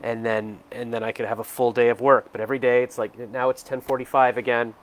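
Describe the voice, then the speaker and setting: Speaking fast in a flat, medium-pitched voice, this forties-aged vlogger addresses the camera from his home. It's a loose, self-reflective monologue, hesitant and rambling, packed with filler words.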